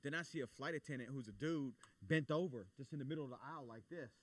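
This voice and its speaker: A man co-hosting a casual comedy podcast, telling a long story in a profane, animated way and acting out his own reactions. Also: medium pitch, fast talker, no room sound. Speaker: podcast co-host.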